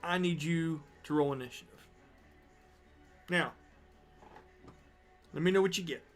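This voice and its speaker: A man running a tabletop game as game master, narrating scenes slowly and deliberately. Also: a little high, faint music behind.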